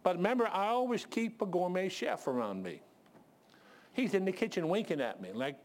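A man preaching a sermon and telling animated stories, sometimes out of breath. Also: sits high, normal speed, a little hiss or hum. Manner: animated storytelling, shouts voices of others.

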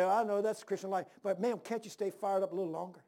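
A man in his sixties preaches fast in a high-pitched voice that is steady yet dark in tone. Folksy and emphatic, he drawls "man" and "ain't," repeats phrases, and shouts amen and hallelujah.

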